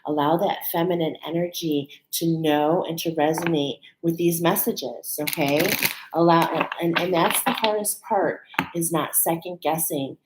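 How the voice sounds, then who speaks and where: A woman's voice: low-pitched, unhurried, a little hiss or hum, poor audio. A woman giving a casual spiritual card reading, chatty, often checking in with "okay?" and "right?". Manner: emotional, laughing and near tears at times.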